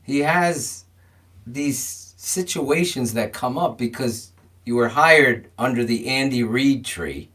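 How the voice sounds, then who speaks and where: A man with a mid-range voice, co-hosting a sports talk show. He talks slowly and deliberately, lays out questions and drops dry jokes. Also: mid-range voice, animated, fairly bright tone. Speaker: podcast co-host. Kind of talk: casual sports chat.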